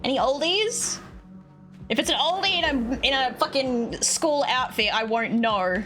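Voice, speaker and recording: Lively high-voiced woman streamer. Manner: chatty, swings high and squeaky when excited. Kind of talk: casual gameplay commentary. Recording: music playing behind.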